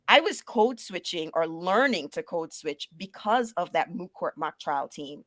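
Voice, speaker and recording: A woman's voice: mid-range voice, moderate pace, no room sound, clean studio sound. A middle-aged woman with a Caribbean-inflected New York accent, telling stories animatedly as a guest in a casual interview. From Caribbean background, raised in Brooklyn. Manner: animated storytelling, laughs often, restarts.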